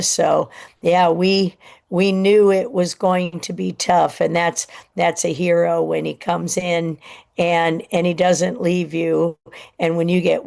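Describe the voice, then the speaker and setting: A woman, hosting a show and telling a personal story in a rambling, halting way with many restarts. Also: fairly low pitch, creaky, darkish tone. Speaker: show host.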